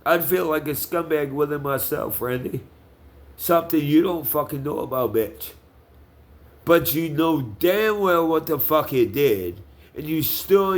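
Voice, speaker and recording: Man, slow delivery, angry monologue, profane, confrontational, halting restarts. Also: a little high.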